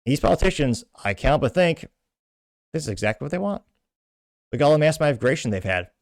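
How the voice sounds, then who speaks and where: A man's voice: a little high, big pitch swings, fairly quick, no room sound, clean studio sound. Indignant man ranting on a show. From Texas. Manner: blunt, indignant, emphatic rants. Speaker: political commentary show host. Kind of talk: opinionated political commentary.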